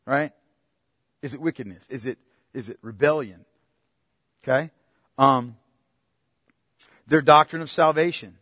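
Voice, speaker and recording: A man preaching a teaching sermon in a conversational way, often checking in with his listeners and swinging between loud and quiet. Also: medium pitch, a little slow, pauses often, no echo, clean studio sound. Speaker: pastor.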